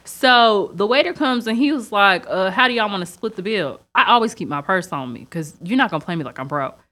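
A woman's voice: medium pitch, fairly quick. A young woman co-hosting a casual podcast, telling a dating story and acting out the other voices. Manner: animated, acts out quoted dialogue. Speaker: podcast co-host.

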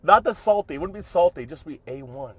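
A man's voice: fairly high pitch, expressive, fairly quick, a crowd in the background. A man chatting casually as a co-host, rambling and joking, often trailing off and restarting. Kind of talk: casual chat.

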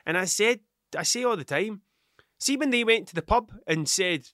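Dad hosting a solo podcast, rambling and sweary, slightly high, punchy voice, dry close sound. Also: male voice, animated, normal speed, pushed and bright, no echo. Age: adult with children. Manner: rambling, heavy swearing, loses his train of thought. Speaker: podcast host. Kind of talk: casual solo podcast monologue.

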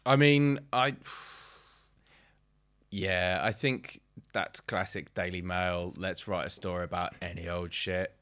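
A man's voice: low voice, steady tone, slow pace, fairly bright tone, clean tone. A man, a comedian guest, chatting casually with wry jokes. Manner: wry, joking, dry asides. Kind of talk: casual chat.

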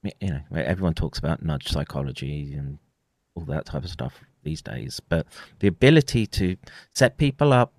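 A man hosting a casual conversation, talking in halting, rambling stretches with frequent restarts. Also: very deep voice, animated, a little mellow, dry recording. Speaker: podcast host.

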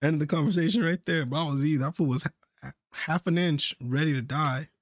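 A man telling a rowdy story in casual chat, acting out the voices loudly. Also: fairly high pitch, a little fast, no room sound, clean studio sound.

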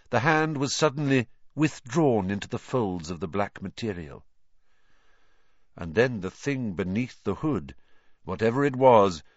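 A man reading an audiobook aloud in a slow, dramatic, expressive way. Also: medium pitch, dry recording, dull audio. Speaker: audiobook reader. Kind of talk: audiobook narration.

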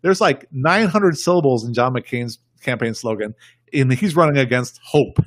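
A man's voice: medium pitch, expressive, moderate pace, dry recording, studio quality. A man talking politics in a casual podcast chat, rambling and emphatic, often repeating himself. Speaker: podcast guest.

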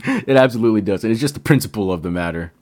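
A low-voiced man co-hosting a podcast among friends. He talks casually and playfully, hamming it up like a showman and swearing freely. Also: animated, fast talker, a little mellow. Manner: playful, dramatic emcee-style delivery, swears freely. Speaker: podcast co-host.

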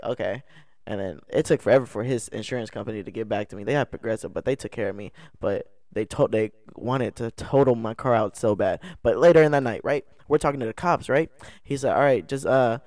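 A man's voice: medium pitch, darkish tone, dry recording, clean studio sound. Rambling young man telling a story. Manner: rambling, restarts often, laughs through the story. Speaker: podcast co-host. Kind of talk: casual storytelling chat. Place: indoor podcast setup.

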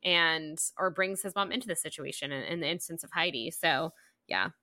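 A woman's voice: sits low, normal speed, bright, forceful tone, no room sound. A woman co-hosting a podcast, gushing in chatty, casual talk full of "like". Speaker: podcast co-host. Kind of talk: casual book-club chat.

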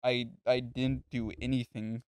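A man's voice: medium pitch, flat delivery, unhurried, smooth, no echo, clean studio sound. Young man telling crude rambling stories. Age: young adult. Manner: rambling, crude storytelling with many fillers. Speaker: podcast co-host. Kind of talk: casual chat.

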